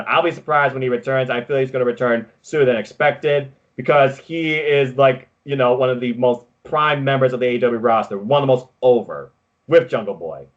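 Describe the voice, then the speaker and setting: A man co-hosting a podcast, recapping wrestling in casual chat with excitable, quick play-by-play. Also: mid-range voice, lo-fi sound. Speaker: podcast co-host.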